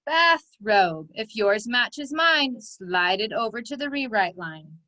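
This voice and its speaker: Bright slightly high lady teacher, super slow patient phonics dictation. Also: animated, dry recording, highs cut off. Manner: patient, encouraging, stretches out sounds.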